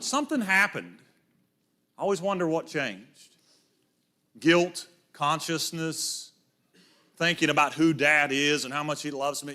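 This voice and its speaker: A man's voice: high-pitched, animated, unhurried, sharp tone. A middle-aged man preaching a sermon in a church, telling stories and acting out voices in quotes. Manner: storytelling, acts out voices in quotes.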